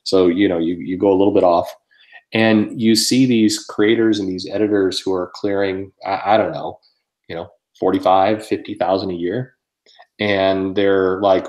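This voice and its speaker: A man's voice: low voice, fairly even intonation, moderate pace, a little mellow, low-quality recording. A man hosting a casual podcast chat, ranting in exasperation with many restarts and blunt swearing. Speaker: show host.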